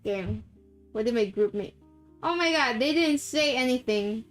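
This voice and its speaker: A woman's voice: on the high side, lively intonation, a little slow, soft background music. A young woman from the Philippines streaming live, chatting casually and laughing often while setting up a game. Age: young adult. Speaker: VTuber streamer.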